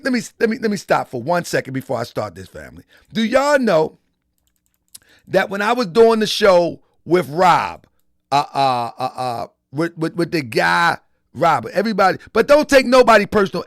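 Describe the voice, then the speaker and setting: A man's voice: high-pitched, big pitch swings, moderate pace, no echo, studio quality. A man hosting a live stream in a casual, repetitive style, talking straight to his chat. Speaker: live-stream show host.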